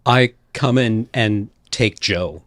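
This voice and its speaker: A man playing a tabletop game, talking slowly and hesitantly with many fillers. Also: fairly low pitch, dry recording, clean studio sound. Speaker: player. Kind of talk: tabletop role-play chat.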